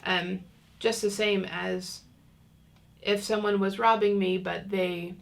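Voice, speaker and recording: A woman's voice: medium pitch, steady tone, slow pace, vocal fry. A woman teaching an online parenting class in a chatty, casual way, acting out what parents and kids might say. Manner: chatty, many fillers, acts out kids' lines.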